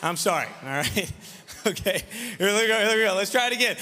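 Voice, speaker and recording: A man leading a lively children's revival service, joking and teasing the kids while he gives them actions and call-and-response lines. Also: sits high, a little fast. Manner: playful, teasing, loud leader of a crowd of kids. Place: large church sanctuary. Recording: reverberant church hall, faint room noise.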